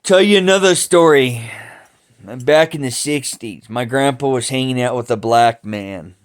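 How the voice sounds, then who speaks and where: A man talks through his family history at an unhurried pace, often stopping and restarting his sentences. His voice is smooth and clear. His speech is loose and rough, with casual swearing. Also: mid-range voice. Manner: slow, halting, with many restarts and cursing. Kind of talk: rambling family storytelling.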